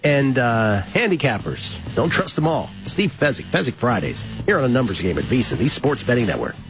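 A man's voice: medium pitch, sing-song, brisk, over music. A man hosting a sports betting talk show, wry and amused with his co-host. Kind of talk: casual radio show chat.

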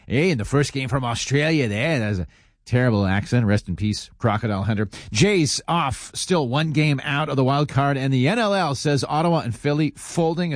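Wisecracking radio sportscaster. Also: male voice, medium pitch, no echo, clean studio sound. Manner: quippy, offhand asides. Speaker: sports reporter. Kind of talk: casual sports update.

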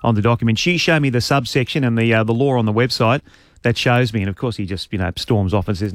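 An Australian man chatting at a brisk clip, spinning an animated yarn and quoting the people in it. His voice sits close and dry on the mic, with no room around it. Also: medium pitch, dry recording. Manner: animated storytelling, mimics neighbour. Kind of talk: casual banter.

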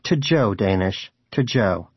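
A man's voice: fairly low pitch, lively intonation, slow, husky, no room sound, exaggerated voice. A man voicing a pious, indignant male pet rodent with a preachy, scolding manner, in a dull lo-fi audiobook recording.

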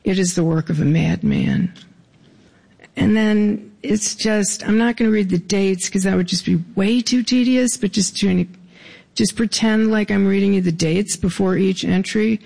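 A man with a fairly high, heavily gravelly voice reads his own stories to a live audience. He delivers them deadpan, tossing in dry, wry asides between passages. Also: a little slow. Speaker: author reading his own writing.

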